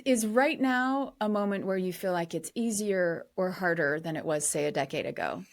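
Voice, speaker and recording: A woman's voice: fairly low pitch, moderate pace. A woman hosting a podcast, asking short, encouraging follow-up questions and closing the episode. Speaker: podcast host. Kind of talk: podcast interview and outro.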